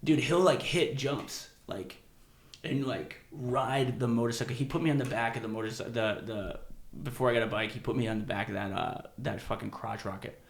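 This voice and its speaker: Male podcast host, casual chat, profane, rambling, mid-pitched voice. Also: moderate pace, creaky, reverberant. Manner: rambling, profane, laughing often.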